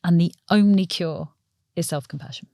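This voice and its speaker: A woman's voice: fairly low pitch, moderate pace, warm tone, dry recording, clean studio sound. A middle-aged woman, a performance coach, speaking openly and earnestly as a guest on a podcast interview. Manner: earnest, open, explanatory.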